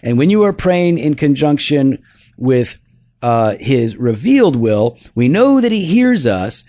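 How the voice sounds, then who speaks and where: A man's voice: medium pitch, big pitch swings, a little slow, dark tone, dry recording. Dry-voiced man explaining scripture in conversation. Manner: teaching, explains step by step with frequent "right?". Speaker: podcast co-host. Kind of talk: casual theological discussion.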